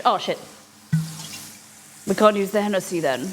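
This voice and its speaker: A woman's voice: mid-range voice, moderate pace, pauses often, slight background noise. A woman hosting a casual live cooking stream from her kitchen, chatting playfully and laughing at herself. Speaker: cooking show host. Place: home kitchen, indoors. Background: frying and sizzling in a pan.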